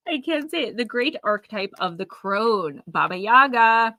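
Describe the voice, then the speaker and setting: Woman reading oracle cards on a live stream, chatty, bright tone. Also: on the high side, animated, normal speed, few pauses, no room sound, poor audio. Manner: chatty, reads card text aloud softly. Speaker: intuitive card reader.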